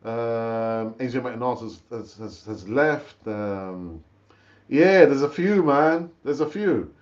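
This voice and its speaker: A middle-aged man runs a casual live football fan stream, speaking slowly in a mid-range voice with lively intonation. He's chatty, says the same things repeatedly and addresses viewers as brother. The recording has its highs cut off.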